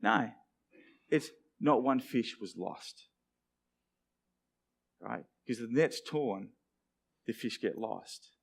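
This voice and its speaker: A man's voice: mid-range voice, takes it slowly, creaky, pauses often, husky. A middle-aged man, preaching a sermon and acting out the lines he quotes. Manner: animated, acts out quoted dialogue. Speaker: pastor.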